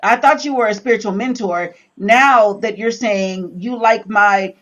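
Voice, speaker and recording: A woman co-hosting a relaxed Bible study conversation, speaking at a middle pitch. She tells stories with animation and slips into voices for quoted lines. The sound is a little dull and lo-fi. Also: unhurried. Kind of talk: casual chat.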